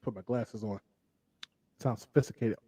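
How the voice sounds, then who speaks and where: A man's voice: on the low side, steady tone, moderate pace, mellow, husky, no echo. A man co-hosting a casual talk show, chatting in a laid-back, drawling way with mocking asides. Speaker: podcast co-host. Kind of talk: casual chat.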